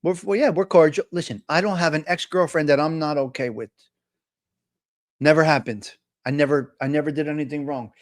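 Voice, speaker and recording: A man's voice: a little high, a little fast. A man hosting a live stream, ranting in casual, profane chatter. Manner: profane, excitable rants. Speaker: host.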